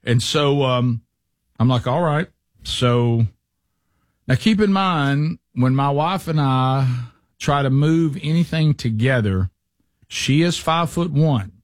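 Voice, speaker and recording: A man's voice: medium pitch, takes it slowly, dry recording. A middle-aged man, telling a long casual story to his co-hosts and acting out the quotes in it. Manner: animated storyteller, acts out quotes.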